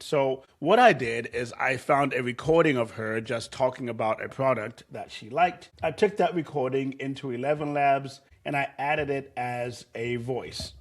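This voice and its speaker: Regular-pitched guy doing a chill screen share tutorial, rambly, lots of ums and restarts. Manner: loose and conversational, with frequent fillers and restarts. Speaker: tutorial host.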